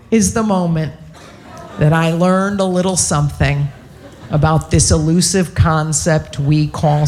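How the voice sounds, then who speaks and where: A woman's voice: low-pitched, vocal fry, a little mellow, slight background noise. A woman performing a stand-up comedy set, brash, profane and self-mocking.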